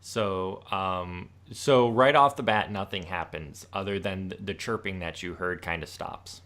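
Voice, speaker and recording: A man running a tabletop role-playing game as game master, narrating in a halting way with many fillers. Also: sits low, a bit bright.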